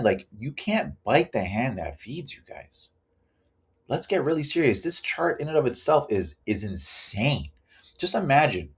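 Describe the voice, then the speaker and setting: A man's voice: mid-range voice, slightly rough. Blunt, profane man. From Canada. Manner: blunt and profane, keeps addressing viewers as guys. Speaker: reaction video host. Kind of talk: ranting commentary.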